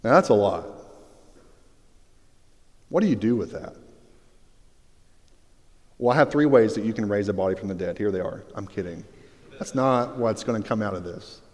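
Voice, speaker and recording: A pastor telling a personal story in a sermon, swinging between hushed and excited. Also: male voice, fairly low pitch, normal speed, long pauses. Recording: long reverb of a large hall.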